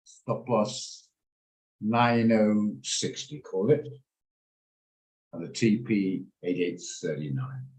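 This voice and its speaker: A man's voice: lowish voice, slow pace, pauses often, a little mellow. Man explaining trades in a roomy room. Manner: explanatory, checks in with attendees by name. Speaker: trading room host. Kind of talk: live trading lesson over video call. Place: home office on a video call.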